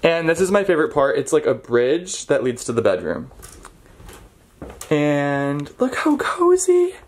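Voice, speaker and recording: A man in his twenties, chatting excitedly to a handheld camera on a solo road trip. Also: a little high, unhurried. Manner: excitable and chatty, talking to himself on a solo drive. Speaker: vlogger. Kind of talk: casual travel vlog talk to camera. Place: in a car and outdoors on rural roads. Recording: audible car and outdoor noise.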